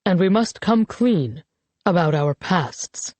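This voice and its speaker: A woman voicing a grieving grown man, a father giving a eulogy, in an audiobook; he speaks slowly and measuredly. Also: on the low side, expressive, a little mellow, no echo. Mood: solemn. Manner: slow, measured, solemn speech. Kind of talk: audiobook character reading.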